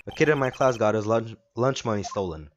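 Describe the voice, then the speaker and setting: A man voicing a young lawyer quietly recounting a childhood memory in a game. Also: on the low side, expressive, a little fast, lo-fi sound, slight background noise, pitched below the performer's own voice, close to an everyday voice. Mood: wistful.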